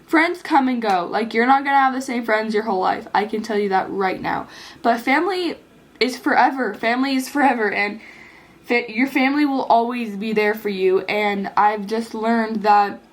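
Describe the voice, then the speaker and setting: A teenage girl talks straight to her viewers in a casual vlog, her voice a touch higher than most. She rambles earnestly and restarts her sentences often, leaning on "like" and "you know". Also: normal speed. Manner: rambling, earnest, heavy use of "like". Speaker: vlogger. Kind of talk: casual heartfelt advice vlog.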